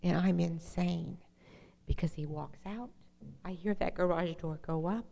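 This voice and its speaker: A middle-aged woman speaks in a somewhat low voice, sharing her own recovery story as testimony. She talks earnestly and directly, often turning to the audience with questions. Her voice rings with the long reverb of a hall. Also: unhurried, gravelly, mellow. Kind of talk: personal testimony talk.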